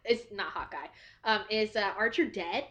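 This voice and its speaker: A woman co-hosting a casual chat, talking in a chatty, animated way with fillers. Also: medium pitch, moderate pace, muffled recording. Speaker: podcast co-host.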